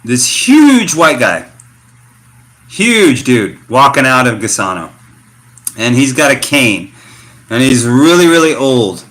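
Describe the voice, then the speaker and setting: Slangy, bright-voiced American man vlogging. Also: mid-range voice, slow pace, long pauses. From United States. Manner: slangy, animated storytelling with fillers. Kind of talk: casual rambling vlog talk.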